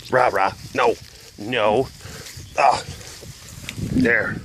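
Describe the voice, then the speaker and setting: A man talking to his big cats, half scolding and half coaxing in an easy, mid-pitched voice. He is recorded outdoors at an enclosure with clear background noise. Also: takes it slowly, long pauses. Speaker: big cat keeper. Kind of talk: talking to animals on camera.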